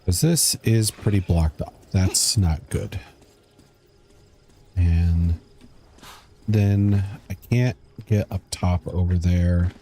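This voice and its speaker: A man's voice: low-pitched, fairly even intonation, drawn-out words, pauses often, warm tone, a little hiss or hum. A young man streaming a game, chatting casually, reading chat aloud and muttering as he plays. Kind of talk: casual gameplay commentary.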